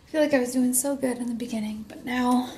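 A young woman vlogging at home in casual chat, out of breath and talking in a breathy half-whisper. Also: fairly high pitch, steady tone, fast, warm tone, slight background noise. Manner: rambling, chatty.

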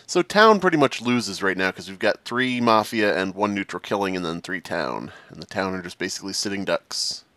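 A man's voice: sits low, expressive, normal speed, hardly any pauses, pushed and bright, dry recording. A man cracks jokes with friends over voice chat while he plays, his voice swinging up and down a lot. The sound is close and dry, with no room around it. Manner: joking, chatty, laughs often. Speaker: gaming channel host. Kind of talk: casual gaming chat.

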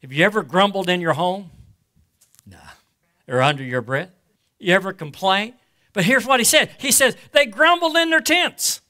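High, bright-voiced preaching pastor. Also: male voice, animated. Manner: preaches in swells, reading scripture slowly and emphatically; asks the congregation rhetorical questions. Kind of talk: sermon.

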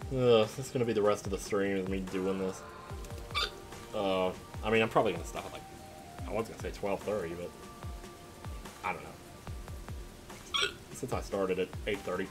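A young adult man with a low voice streams a story game, chatting casually at a moderate pace with long pauses. He rambles between moments of play and trails off with fillers like "like," while game music plays behind him.

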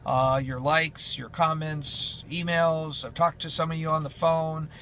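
A man's voice: on the high side, flat delivery, unhurried, sharp tone, slight background noise. A man who drives runs chatting casually in a vlog update, rambling with many fillers and restarts. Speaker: truck driver vlogger.

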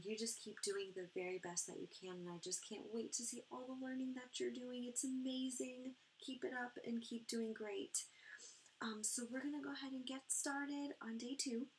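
A woman teaching a first grade phonics lesson online, encouraging and clearly sounding out each word for young children. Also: on the high side, slight background noise.

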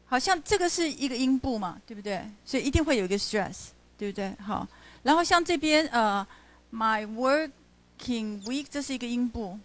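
A woman's voice: on the high side, expressive, a little fast. A woman professor giving a poetry lecture to a university class, reading lines aloud to show their stresses and checking in with her students. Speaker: literature professor. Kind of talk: classroom lecture mixing English and Mandarin.

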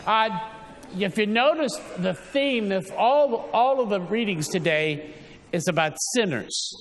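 A man with a fairly high voice gives a casual, chatty homily, coaxing listeners and tripping over small restarts. His words ring out with the long reverb of a church interior. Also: expressive, a little slow, a little hiss or hum. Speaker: preacher.

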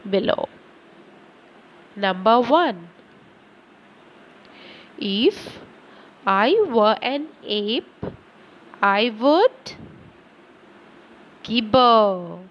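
Slow, lively-voiced woman teacher. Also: a little high, highs cut off. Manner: slow and deliberate, reads word lists aloud; addresses children directly. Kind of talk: slow classroom lesson.

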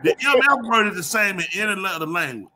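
A man spins a comic story in a rambling, slangy way. His voice sits high and bright, and it jumps all over the place as he talks to the room. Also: animated, quick pace. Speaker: comedy show host. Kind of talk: live comedic storytelling.

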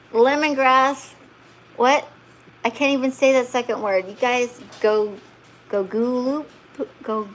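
A woman's voice: a little high, slight background noise. A middle-aged woman breeding huskies, chatting casually on a home vlog, laughing often and cooing at a wriggly puppy. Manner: giggly, fussing and cooing at the puppy. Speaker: husky breeder. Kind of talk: casual vlog chat while handling puppies. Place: home, indoors by a couch.

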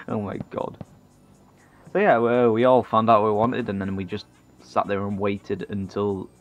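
A man, telling a rambling comic story full of swearing and self-mockery. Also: fairly low pitch.

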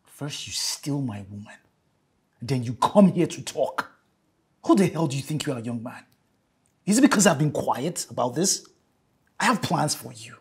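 An actor playing a jealous, threatening jilted man who shouts accusations in a film. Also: medium pitch, big pitch swings, moderate pace, long pauses, slightly rough, full character voice. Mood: menacing. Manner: shouting accusations, then pleading. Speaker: jealous ex-partner. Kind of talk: film acting.

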